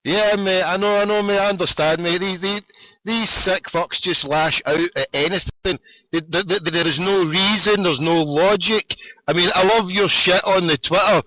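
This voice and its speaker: A man's voice: high voice, normal speed, pushed and bright, dry recording, rough recording. A Glaswegian man hosting a casual podcast from his car, swearing and enthusing at his guest. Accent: Scottish, Glasgow. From Scotland. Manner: profane, laughing, enthusiastic. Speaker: podcast host.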